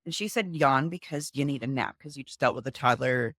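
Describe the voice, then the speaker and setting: A young woman with a low voice talks over a video call as an interview guest. She explains things earnestly and acts out how she talks with her children. The sound is dry and close. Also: fairly quick, a bit bright, no echo. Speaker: guest, mother of two. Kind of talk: casual interview.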